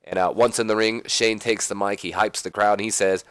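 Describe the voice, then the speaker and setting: A man with a fairly low voice narrating a wrestling sim let's play. He talks casually and rambles along, stuffing his sentences with fillers. The sound is dry and close, like a home setup. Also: fairly even intonation, brisk, hardly any pauses, a bit bright, clear, resonant tone, no echo. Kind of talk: casual game commentary.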